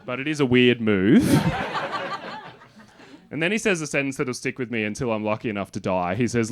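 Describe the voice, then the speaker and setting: A man in his thirties tells a long, wry story on a comedy club stage, speaking into a handheld mic. His pitch sits in an ordinary middle range, and he mocks himself before jumping up into loud, animated punchlines. A faint hiss sits under his voice. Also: brisk, pauses often. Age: 30s. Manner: wry, self-mocking, builds to animated punchlines. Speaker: stand-up comedian. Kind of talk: stand-up storytelling.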